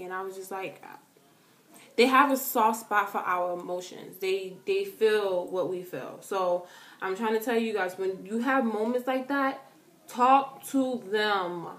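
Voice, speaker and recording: A young woman vlogger answering fan questions in casual, animated talk, full of slang and repeated words, dropping to a soft hush for emotional moments. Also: high-pitched, slight background noise. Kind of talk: casual chat to camera. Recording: echoey room, faint music behind.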